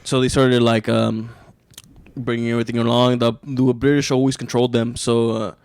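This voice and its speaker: Rambling man explaining, halting. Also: medium pitch, flat delivery, a little mellow, clear, resonant tone, no room sound, studio quality. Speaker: podcast guest. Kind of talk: casual chat.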